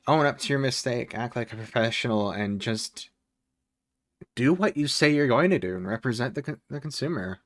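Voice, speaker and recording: A man with a medium-pitched, fairly bright, expressive voice streams from home at normal speed. His casual livestream chat rambles, with frequent swearing and chuckles, and there's no room sound.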